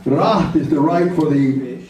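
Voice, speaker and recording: A slow, deliberate man leads a language class, saying each word twice over. His voice sits a little high and comes from across an echoey room, with a group of people murmuring nearby. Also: distant mic, crowd noise. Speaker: language teacher. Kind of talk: teaching vocabulary to a class. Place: community meeting room. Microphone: far camera.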